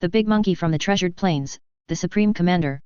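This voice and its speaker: An audiobook narrator reads a fantasy story evenly and steadily at a fairly quick pace. The voice is very smooth and mid-pitched, and the recording is dry and slightly muffled.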